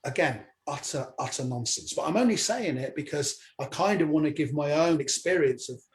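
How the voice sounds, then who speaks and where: Male comic, guest on an interview, slightly high voice, lively storyteller who voices other people in his anecdotes. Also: moderate pace. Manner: lively retelling, acts out others' lines. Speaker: stand-up comedian, interview guest.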